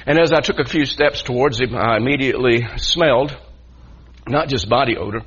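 Through muffled, lo-fi audio, a pastor earnestly recounts something from his own life in a sermon, circling back and restarting as he builds toward his point. He speaks a little fast at medium pitch, with a fairly bright tone and a breathy edge.

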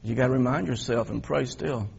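Male pastor, sermon, gravelly, husky, dull lo-fi recording, animated storytelling. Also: medium pitch, a little fast. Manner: animated storytelling, swings from loud to quiet.

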